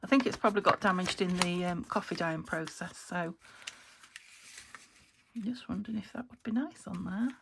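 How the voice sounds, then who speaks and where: Gravelly low-voiced British woman, musing softly. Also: moderate pace, noisy background. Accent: British English. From United Kingdom. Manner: muses aloud while working, often trailing into soft half-whispers. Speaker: craft channel host. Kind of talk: casual crafting commentary.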